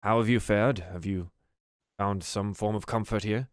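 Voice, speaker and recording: A disciplined middle-aged commander, formal and respectful, as a man puts him on. The voice sits on the low side and sounds dry and close. He stays clipped and proper. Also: steady tone, moderate pace, no room sound, lightly acted.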